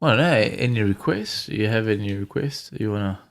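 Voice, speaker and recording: A man chatting softly and hesitantly as a guest in a studio, about to play guitar. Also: on the low side, expressive, a little fast, gravelly. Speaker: guest musician. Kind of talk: casual chat. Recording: loud guitar music behind. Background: guitar playing.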